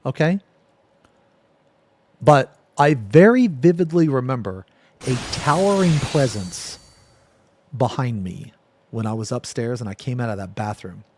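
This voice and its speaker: A man streaming live, telling a rambling, profane story in a casual way that drops to a near-whisper and then gets loud. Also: mid-range voice, expressive, measured pace, pauses often, a little hiss or hum.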